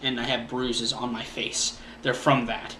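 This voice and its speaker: A young YouTuber from Florida chats to camera, earnest and rambling with fillers, his cheek swollen after a tooth was pulled. His medium-pitched voice is level and sharp, a little slow. The room is echoey with slight background noise.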